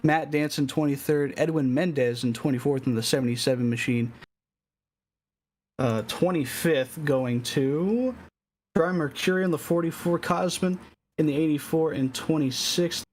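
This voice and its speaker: A man's voice: a little high, measured pace, a little mellow, slight background noise. A man co-hosting a sim racing broadcast, reading results a little hesitantly as a self-described rookie.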